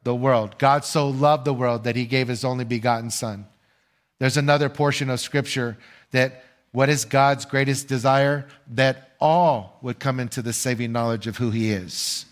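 An older man delivers a sermon from the pulpit at a middle pitch. He preaches earnestly, posing questions to the congregation and pausing before he answers them himself. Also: fairly even intonation. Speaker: pastor.

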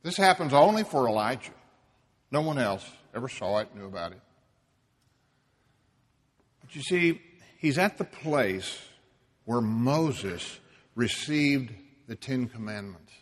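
A man preaching a sermon, emphatic, dropping to a hush and rising loud for stress. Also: medium pitch, lively intonation, in a large hall. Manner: slow, emphatic, swings between hushed and loud.

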